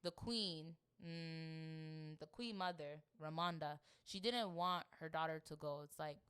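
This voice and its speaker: A young woman from Florida co-hosting a podcast in casual chat, animated and acting out scenes. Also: deep voice, unhurried, smooth. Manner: animated, acts out scenes with quoted voices. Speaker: podcast co-host.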